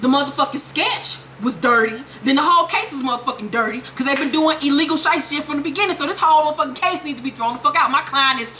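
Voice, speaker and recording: Woman voicing a male defense lawyer, forceful and profane, quick delivery. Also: sits high, echoey room, soft background music. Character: hard-nosed man, a defense lawyer.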